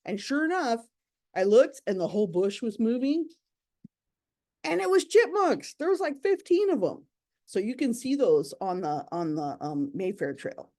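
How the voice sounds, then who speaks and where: Very animated and speaking at normal speed, a young woman on park education staff presents a bubbly, chatty virtual nature program. Her warm voice runs on the high side, picked up by a computer mic on a video call.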